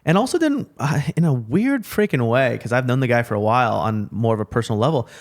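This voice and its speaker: A man co-hosting a podcast in casual chat, talking excitedly and rambling, with casual swearing. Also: mid-range voice, fast talker. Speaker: podcast co-host.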